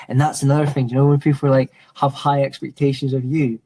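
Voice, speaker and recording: A man's voice: medium pitch, level tone, fast, warm tone, slightly rough. A man in his thirties, an outdoor instructor, talking casually and reflectively in an interview, saying "mate" a lot. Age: 30s. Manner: chatty, says "mate" often, restarts and fillers. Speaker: mountain and adventure training instructor.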